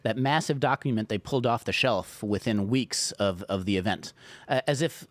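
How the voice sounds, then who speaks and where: A man joins a podcast panel and offers short, firm declarations. His voice is low, and the sound is dry and close. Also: normal speed, no echo. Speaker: podcast guest.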